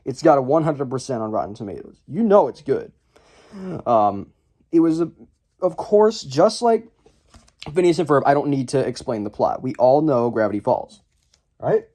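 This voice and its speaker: A young man hosts a casual YouTube list video, talking to camera in a rambling, chatty way, full of fillers and restarts and jokes at his own expense. His voice is medium-pitched and dark in tone, with lively intonation, a normal speed, and frequent pauses.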